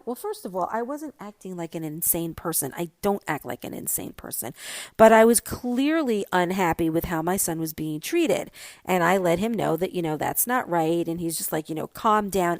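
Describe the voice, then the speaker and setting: A woman's voice: medium pitch, lively intonation, moderate pace, no echo. A middle-aged woman hosting a podcast, chatting casually and animatedly about her pet peeves. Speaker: podcast host. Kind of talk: casual solo podcast chat.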